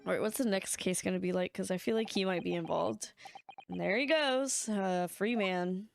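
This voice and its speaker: A woman's voice: mid-range voice, moderate pace, gravelly, faint music behind. A young woman streamer chatting casually and sleepily while playing a game and reading its lines aloud. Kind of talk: casual let's-play chat.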